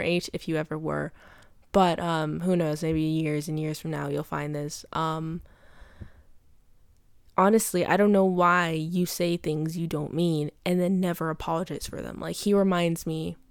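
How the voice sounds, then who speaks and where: A woman's voice: on the low side, darkish tone, dry recording, clean studio sound. A young woman talking through a personal diary podcast, rambling and confessional, full of fillers. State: teary.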